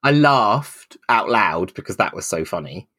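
A man's voice: fairly low pitch, big pitch swings, a little slow, dry recording. A man in his forties co-hosting a casual podcast, telling a long anecdote in a dry, wry way. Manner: dry, wry anecdotes, acts out quoted voices loudly. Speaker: podcast co-host. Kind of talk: casual chat, storytelling.

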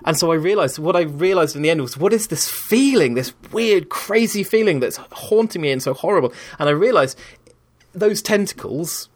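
A man's voice: on the high side, expressive, moderate pace. Man telling a long story. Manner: rambling, candid storyteller. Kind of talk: casual conversation.

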